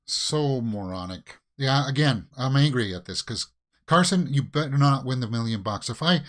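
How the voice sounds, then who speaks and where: A man doing casual watch-along commentary at a medium pitch. His voice is very lively and climbs sharply whenever he gets exasperated and fires off the same question again and again. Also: moderate pace. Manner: animated, exasperated rants with repeated questions. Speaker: reaction video host.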